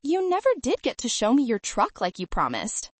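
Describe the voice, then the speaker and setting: A woman's voice: a little high, wildly swooping pitch, moderate pace, no room sound. A woman doing a brash Southern belle. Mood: syrupy.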